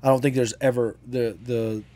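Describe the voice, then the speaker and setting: A man's voice: medium pitch, little pitch movement, moderate pace, warm tone. A man co-hosting a casual talk show, arguing his point with animation and casual swearing. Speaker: podcast co-host and father. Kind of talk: casual chat.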